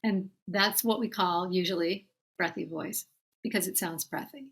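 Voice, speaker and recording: A woman's voice: on the low side, normal speed, a bit bright, husky. A woman voice teacher giving a singing lesson, explaining patiently and talking directly to her students. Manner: breaks off to sing short demonstrations.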